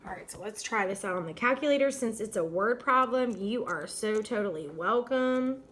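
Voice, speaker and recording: A woman's voice: medium pitch, lively intonation, moderate pace, a bit bright, a little hiss or hum. A woman teacher working through math problems aloud, step by step, in an upbeat, encouraging way. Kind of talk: math lesson walkthrough.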